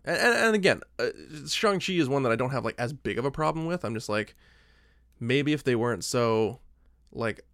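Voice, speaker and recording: In a clean studio recording with no room sound, a man co-hosts a podcast, talking casually about films and rambling with plenty of filler. His voice is medium-pitched, expressive, fairly bright, and at a normal speed.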